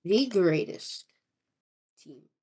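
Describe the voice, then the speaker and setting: A woman improvising a rambling story narration, acting out groups of people in quick quoted asides. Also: fairly low pitch, animated, warm tone, breathy edge. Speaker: map series narrator.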